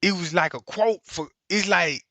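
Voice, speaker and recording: A man's voice: high-pitched, moderate pace, bright, forceful tone, no room sound. A man streaming to viewers, ranting in a casual, slangy, emphatic way and repeating himself.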